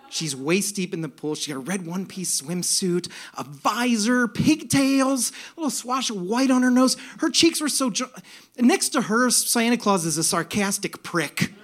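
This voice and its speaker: Guy doing a funny story onstage, swears, voice jumps all over. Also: high voice. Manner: animated, comic and profane. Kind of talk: live comic storytelling. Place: live venue on stage.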